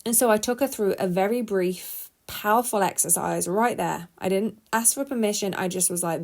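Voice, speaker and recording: Woman, middle-aged, casual podcast host; lively and chatty, often restarts mid-thought. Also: mid-range voice, vocal fry. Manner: chatty and animated, laughs often, quick restarts. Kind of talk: casual solo podcast talk.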